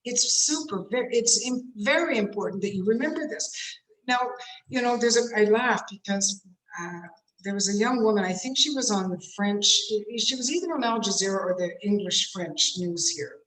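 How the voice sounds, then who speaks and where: A woman with a mid-range, slightly bright voice speaks at a moderate pace in an animated way. She's coaching speakers in an online workshop, demonstrating and shifting her tone to give examples. She's in a room at home on a video call, picked up by her computer mic with a roomy echo.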